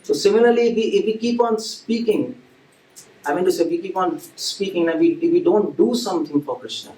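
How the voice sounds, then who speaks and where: A man with a slightly high, dark-toned voice lectures at a fairly quick clip on devotional themes to people gathered in an echoing temple hall. He chats with them conversationally, asks them questions and acts out brief scenes; the distant mic records faint ambient noise.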